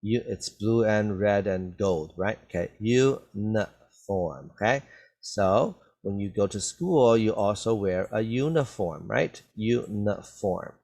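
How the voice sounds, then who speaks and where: A man's voice: on the low side, expressive, slow, a little mellow. A male English teacher who explains words to young learners patiently and repeats each point with "okay?". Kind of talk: slow reading lesson for learners.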